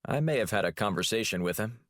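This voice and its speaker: Man reading confident male agent, dry wit, deep voice. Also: lively intonation, fast, fairly bright tone, no room sound. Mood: wry.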